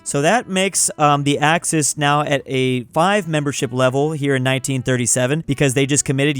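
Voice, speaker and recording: Excitable young man with a crisp voice. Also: fairly high pitch, moderate pace, few pauses, soft background music. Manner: excitable, slangy, reads AI replies aloud in mock voices. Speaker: gaming YouTuber. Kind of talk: game commentary.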